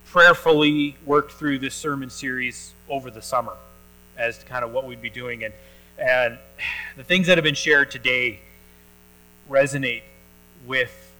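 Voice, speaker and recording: A male pastor preaching a sermon in a church, telling a story in a relaxed conversational way with frequent pauses and restarts. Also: medium pitch, low-quality recording.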